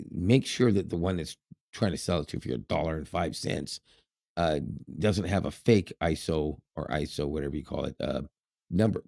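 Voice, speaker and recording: A man's voice: rumbling low, gravelly, darkish tone, no room sound, clean studio sound. A man co-hosting a podcast in casual chat, rambling with lots of fillers and laughs. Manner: rambling, laughs often, many fillers and restarts. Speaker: podcast co-host.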